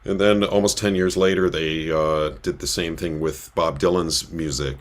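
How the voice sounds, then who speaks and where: Super deep voiced cantor guy rambling thru a story, lots of uhs. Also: fairly even intonation, moderate pace. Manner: rambling, with many filler sounds. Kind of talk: casual storytelling on a livestream. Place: synagogue.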